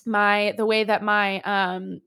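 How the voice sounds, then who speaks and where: A woman's voice: mid-range voice, little pitch movement, takes it slowly, bright, forceful tone, clean tone. A young woman in her twenties hosting a podcast, candidly telling a personal story in an emotional, unfiltered way and swearing freely. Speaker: podcast host.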